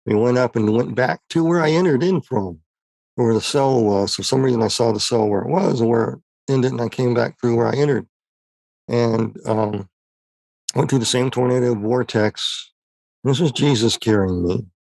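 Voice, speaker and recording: A man guest in an interview, recounting a personal experience in a halting way, often repeating words and getting choked up. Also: medium pitch, gravelly, darkish tone, no echo. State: tearful, voice breaking. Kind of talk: emotional personal testimony.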